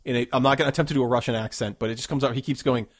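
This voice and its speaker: A man's voice: medium pitch, fairly even intonation, rapid-fire, no echo, studio quality. A man co-hosting a podcast, recapping a movie in casual, joking chat and often repeating words. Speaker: podcast co-host.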